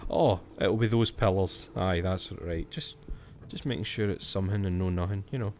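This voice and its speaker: A Scottish man with a fairly low voice talks his way through a horror game on stream. He rambles casually, thinks aloud and swears when something startles him. A faint hiss sits under the recording. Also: normal speed, darkish tone. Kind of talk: let's-play commentary.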